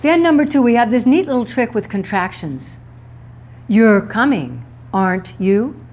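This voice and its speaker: A woman's voice: fairly high pitch, animated, a little slow, darkish tone. Playful woman giving an author talk. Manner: playful, laughs at her own wordplay. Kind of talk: author talk to a live audience.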